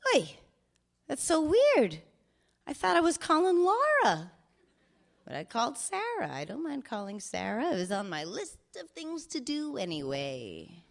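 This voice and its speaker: A woman's voice: high-pitched, wildly swooping pitch, a little slow, gravelly, heavily acted. A woman voicing her older father reading his voicemails, swearing freely and joking with wry affection. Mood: teasing. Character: older father, cheerful, profane, doting. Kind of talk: reading voicemails aloud in character.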